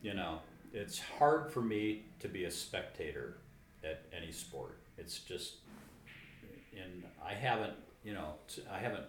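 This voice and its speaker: A man talking casually as a co-host, earnest and halting, often restarting his sentences. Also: deep voice, lively intonation, slight background noise. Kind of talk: casual chat. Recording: echoey room with faint ambience.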